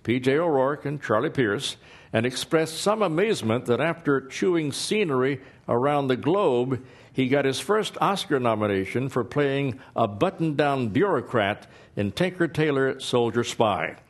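A man reading a scripted introduction as the show's announcer, with a smooth, even delivery. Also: mid-range voice, normal speed. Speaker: show announcer. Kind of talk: scripted narration.

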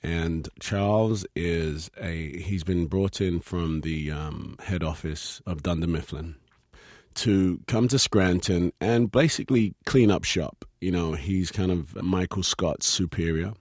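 A man's voice: sits low, slow pace, dry recording, clean studio sound. A British man, an actor, chatting as an interview guest, laughing easily and telling stories with lots of fillers. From Britain. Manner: laughs easily, relaxed storytelling with many fillers. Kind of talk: casual interview chat.

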